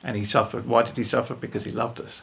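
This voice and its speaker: An older man, talking earnestly about faith as a guest, with a gravelly, husky voice and tag questions. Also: medium pitch, little pitch movement, fast talker, slight background noise. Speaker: guest speaker.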